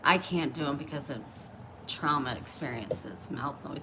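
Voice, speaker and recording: A middle-aged woman vlogger chats bluntly and openly in a casual video, oversharing about her personal life. Her voice sits low and she talks a little slowly, with noise in the background.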